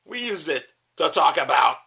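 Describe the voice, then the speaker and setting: A man co-hosting a casual podcast chat, with a very bright, ringing tone. He hesitates and repeats words as he thinks aloud, and laughs often. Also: on the high side, expressive, normal speed, husky. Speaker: podcast co-host.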